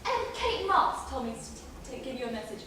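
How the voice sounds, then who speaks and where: A glamorous socialite actress, gushing and dramatic, played by a girl in a school play, with a very high, breathless delivery. The voice comes from far off in a booming hall with clear hiss. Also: very animated, normal speed, pushed and bright, heavily acted. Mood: gossipy. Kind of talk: school stage play acting. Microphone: far camera in audience. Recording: echoey hall, far camera, noisy.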